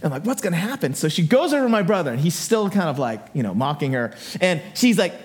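A man's voice: on the high side, big pitch swings, quick pace. A middle-aged man preaching a sermon as a pastor in a church, telling stories with playful asides and acting out voices. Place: church sanctuary.

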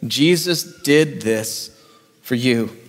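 A middle-aged male pastor preaching an Easter sermon, moving between raised, emphatic lines and hushed, soft ones. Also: mid-range voice, extremely slow. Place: church sanctuary. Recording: long reverb of a church hall.

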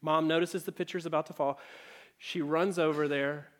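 A man delivers a church sermon in a slightly high voice. He tells stories in an easy, conversational way and briefly voices the characters as he goes. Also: steady tone, moderate pace, a bit bright. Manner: conversational storytelling preacher, acts out quoted voices. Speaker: pastor.

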